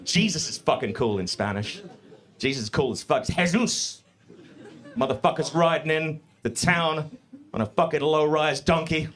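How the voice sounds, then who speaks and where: A man doing a live stand-up set in a comedy club, profane and animated, speaking into a stage mic. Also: fairly high pitch, normal speed. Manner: profane, animated, mock-confident.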